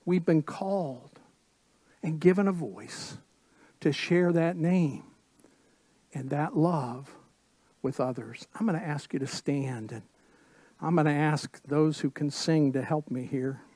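A man preaching a sermon as pastor, emphatic and full of repeated phrases, dropping suddenly to soft tones. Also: on the high side, slow, long pauses, no echo.

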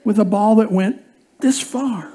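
Animated preacher telling a funny story. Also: a little slow. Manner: animated storyteller, chuckling through the tale; drops low and quiet for serious points. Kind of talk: sermon with a humorous personal story.

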